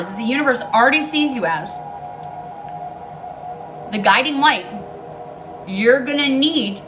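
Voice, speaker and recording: Heard through poor audio, a woman with a voice on the high side reads tarot cards casually. She's blunt and emphatic, cursing freely and repeating important lines.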